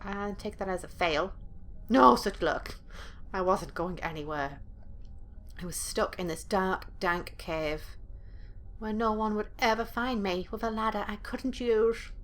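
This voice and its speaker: A woman's voice: mid-range voice, unhurried, fairly bright tone. A woman playing through a horror game, reading the story aloud dramatically and breaking in with blunt, profane asides. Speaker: let's play gamer.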